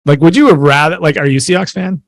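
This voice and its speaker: A man's voice: on the high side, quick pace, dry recording. A man in his forties chatting casually about sports, rambling with lots of fillers. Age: 40s. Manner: rambling, filler-heavy storytelling.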